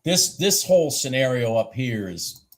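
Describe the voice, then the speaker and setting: A man at his trading desk talking through a live stream, excitable and quick to restart his sentences. His pitch sits in an ordinary middle range for a man, and he sounds a little out of breath. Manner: excitable, thinks aloud with many restarts. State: a bit out of breath. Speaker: livestream day trader. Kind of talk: casual live trading commentary.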